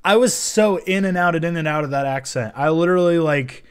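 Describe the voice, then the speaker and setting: Giggly young man, slightly high voice. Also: brisk, clear, resonant tone. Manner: giggly, rambling, lots of "like". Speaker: filmmaker giving commentary. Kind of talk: casual film commentary chat.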